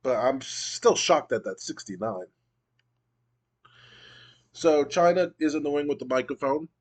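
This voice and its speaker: A man giving casual commentary on a wrestling management game he plays, reading out match results in a relaxed way with some fillers. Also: mid-range voice. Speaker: video game booker.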